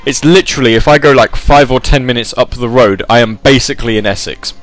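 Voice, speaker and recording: A man's voice: mid-range voice, fast, soft background music. A man hosting a casual chat show, rambling and joking with lots of fillers and restarts. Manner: rambling, jokey, puts on silly voices. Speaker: podcast host.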